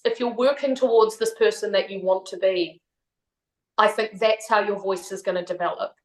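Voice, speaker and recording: A woman in her thirties with a New Zealand accent, a podcast guest talking candidly and reflectively, laughing often. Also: mid-range voice. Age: 30s. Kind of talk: casual chat. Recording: roomy echo.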